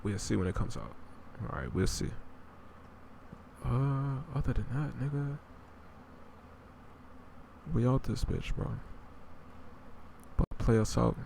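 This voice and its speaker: A man's voice: mid-range voice, animated, slow pace, creaky, long pauses, warm tone, slight background noise. A young man hosting a podcast, chatting casually about video games in a blunt, profane, rambling way. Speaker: podcast host. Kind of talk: casual gaming chat.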